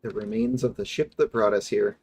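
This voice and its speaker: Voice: mid-range voice, a little fast, a little mellow, breathy edge. A streamer giving casual, chatty commentary over a factory-building game, explaining its mechanics with amusement.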